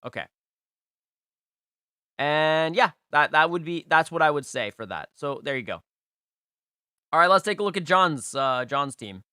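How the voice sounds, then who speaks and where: A man's voice: on the high side, expressive, measured pace, pauses often, sharp tone, clear, resonant tone, no room sound, studio quality. A young man hosting a live stream, rating viewers' game teams in casual, emphatic and playful commentary, repeating phrases for stress.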